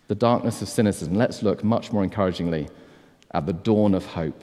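A man's voice: low voice, brisk, mellow. Man preaching in an echoing church. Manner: earnest, emphatic preaching with rhetorical questions. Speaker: pastor. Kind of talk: sermon.

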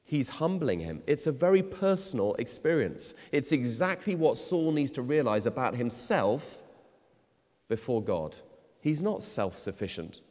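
A man preaching a sermon in an emphatic way, often swinging between loud, stressed phrases and quiet ones. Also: mid-range voice, sing-song, measured pace. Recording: long hall reverb.

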